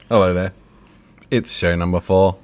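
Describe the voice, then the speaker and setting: A man's voice: deep voice, steady tone, a little slow, clean tone. A man co-hosting a casual online radio show, joking and laughing with his co-host. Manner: jokey, laughs often, puts on a mock announcer voice.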